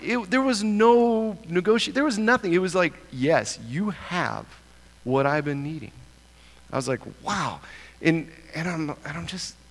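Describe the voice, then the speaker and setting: Man, gravelly voice, animated storyteller acting out quoted voices, long hall echo. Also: mid-range voice. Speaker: church member sharing a mission testimony. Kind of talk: storytelling testimony.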